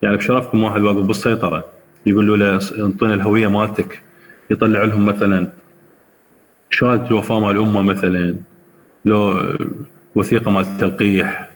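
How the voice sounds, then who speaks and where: A man with an Iraqi Arabic accent lectures at a brisk clip in a low voice, quizzing his class on words. The room gives a long, ringing reverb. A faint background noise sits under the speech. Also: level tone. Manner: explains word by word and quizzes students. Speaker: university English lecturer.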